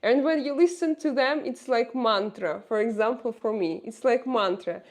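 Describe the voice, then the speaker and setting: On her live stream, a woman who is a native Russian speaker reads viewer comments aloud and addresses them directly in a Russian accent, hesitating often with fillers. Her pitch is fairly high.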